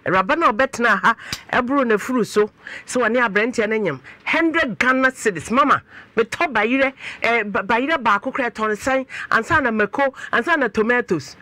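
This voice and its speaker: A man hosting a call-in advice show, speaking in an animated way, shifting between calm musing and loud exclaiming. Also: very high voice, no room sound. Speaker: radio talk show host.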